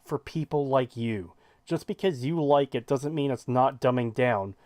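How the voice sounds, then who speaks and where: A man's voice: mid-range voice, moderate pace, a little mellow, no echo. Profane, heated male stream host. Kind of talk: reaction stream rant.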